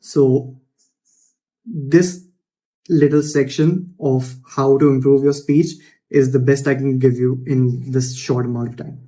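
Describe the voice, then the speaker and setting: A man's voice: medium pitch, steady tone, slow pace, long pauses, mellow. A young man giving unscripted self-improvement advice, blunt and loose, with casual swearing and frequent restarts.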